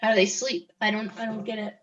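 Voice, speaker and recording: A middle-aged woman speaks as an interview guest, recounting her own experience at a mid pitch. Her delivery is halting, breaking off and restarting her sentences, with pauses between thoughts. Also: level tone, fairly bright tone, muffled recording. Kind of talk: personal testimony in conversation.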